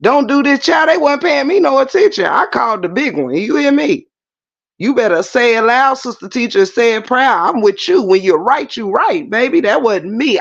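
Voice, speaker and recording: Man, high voice, muffled stream audio, animated preachy livestream host. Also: creaky. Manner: animated preachy talk, addresses viewers directly. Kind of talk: casual livestream chat.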